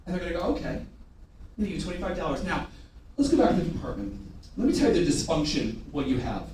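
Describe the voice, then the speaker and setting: Speaking fast in a fairly high voice, a man leads staff through a live sales training, cracking jokes and firing call-and-response drills with lots of energy. He's in a big room with an audience, recorded from afar, so it sounds echoey with a little hiss or hum.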